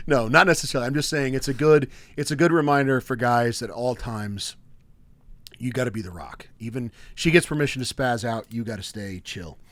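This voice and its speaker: Guy in his 30s chatting on a podcast, tells stories all animated and keeps cracking up, mid pitch, dry room. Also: fairly quick, no echo. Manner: animated storyteller, laughs often mid-sentence. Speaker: podcast co-host. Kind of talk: casual podcast chat.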